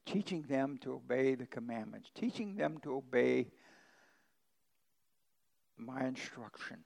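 A man's voice: medium pitch, expressive, a little slow, creaky, darkish tone, poor audio. A male pastor preaching a conversational sermon, telling folksy ranch stories with emphatic swings in his voice.

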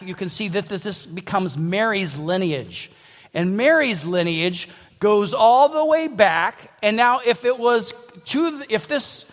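A man's voice: high-pitched, long reverb tail. A man preaching a sermon in a conversational way, often restarting and repeating words as he thinks aloud. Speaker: pastor.

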